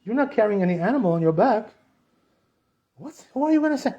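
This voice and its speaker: A man's voice: sits high, very animated, fast, dull audio, pitched above the performer's own voice. A man voicing a scheming male devil who badgers with incredulous questions. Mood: sly.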